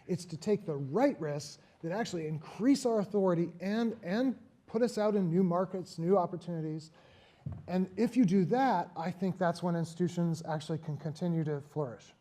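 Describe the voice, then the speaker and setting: A man, an author and guest speaker, talking reflectively at a live public conversation and telling animated stories with frequent laughter. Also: high voice, normal speed. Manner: reflective, animated storyteller who laughs often.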